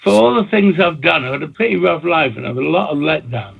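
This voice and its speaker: In an interview, a man who produces records and DJs tells long, rambling stories fast, with a slightly high voice and lively intonation. His voice is gravelly and husky, and he talks in bursts, repeats himself, and restarts many sentences. The sound comes through tinny, like a phone line.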